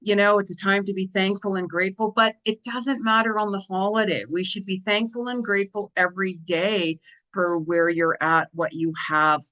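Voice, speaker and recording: A middle-aged woman, a bit weary after losing sleep, hosts a chatty astrology and tarot show in a medium-pitched, steady, bright, forceful voice at a moderate pace. The audio is poor, and she repeats phrases with frequent "you know" and "right?" in this casual spiritual monologue.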